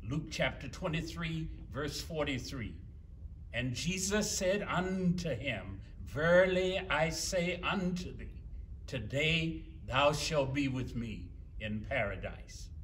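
A man preaching a sermon in a slow, measured, solemn manner. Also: on the high side, animated, a bit bright. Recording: distant mic with faint room noise.

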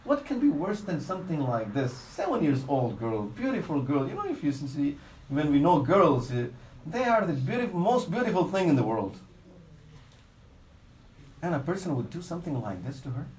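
Preacher guy telling a sad story earnestly, kinda high voice, arabic phrases mixed in, faint hiss. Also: very animated, moderate pace, roomy sound, rough recording. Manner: earnest, quietly dropping his voice for the sad parts of the story; mixes Arabic religious phrases into his English. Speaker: Islamic preacher. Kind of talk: sermon storytelling.

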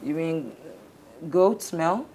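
An actress playing a counseling show host who calmly and steadily urges her guests to calm down. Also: low voice, extremely slow, a little hiss or hum, exaggerated voice. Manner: calm, soothing, repeatedly pleads for calm. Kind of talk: scripted drama acting.

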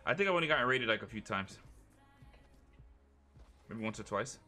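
A man's voice: on the low side, lively intonation, moderate pace, bright, forceful tone, soft background music. A young man streaming a game live, chatting casually and profanely with his viewers and a teammate. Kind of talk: live gaming stream chat.

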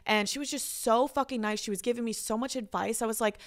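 A woman's voice: a little high, fairly even intonation. A woman co-hosting a podcast, telling a story in casual chat, swearing often and filling her talk with fillers. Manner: fast, chatty storytelling with frequent swearing and fillers. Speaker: podcast co-host.

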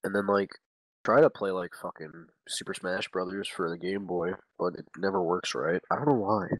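A man's voice: sits low, fairly even intonation, moderate pace, dry recording, poor audio. A man improvising a comic monologue as a dim-witted, crude eighteen-year-old boy, rambling with a slacker drawl and lots of swearing.

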